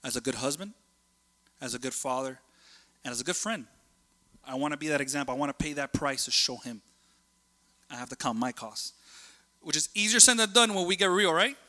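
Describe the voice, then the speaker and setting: Man, sermon, chatty and animated, very bright voice, long hall reverb. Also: fairly high pitch, fairly quick, pauses often. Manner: animated, conversational, jumps between stories. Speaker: preacher.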